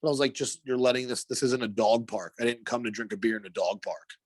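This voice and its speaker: A man's voice: medium pitch, fast talker, husky, dry recording. A man co-hosting a podcast, telling a long story in a rambling, profane way, full of fillers. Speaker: podcast co-host. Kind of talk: casual storytelling.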